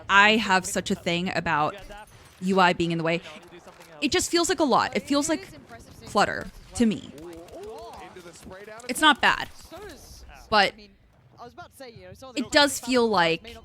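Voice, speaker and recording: Chatty woman streamer thinking out loud on stream, voice goes all over the place. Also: medium pitch. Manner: chatty, musing aloud about what she sees. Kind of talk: live reaction commentary.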